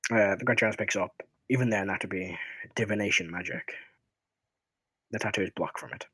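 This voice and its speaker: Guy dm'ing a tabletop game, low husky voice, dry close mic. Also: pushed and bright, no room sound, rough recording. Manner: halting, plays NPCs in his own voice. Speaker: dungeon master.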